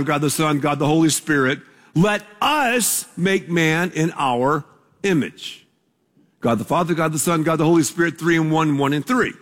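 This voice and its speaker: High-voiced pastor preaching in a reverberant hall. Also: male voice, a bit bright. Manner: conversational, emphatic, asks the congregation to repeat words. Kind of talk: sermon. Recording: long reverb of a large hall.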